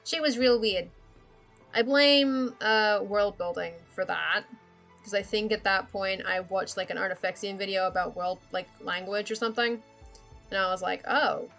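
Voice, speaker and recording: A woman's voice: mid-range voice, bright, forceful tone. A woman hosting a casual live stream while she draws. She rambles from one tangent to the next, swears freely and laughs often.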